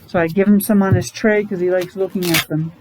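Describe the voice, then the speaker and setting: A woman's voice: on the low side, steady tone, brisk, a little mellow, slight background noise, rough recording. A woman teacher leading a morning meeting for young children, talking in an exaggerated, encouraging sing-song.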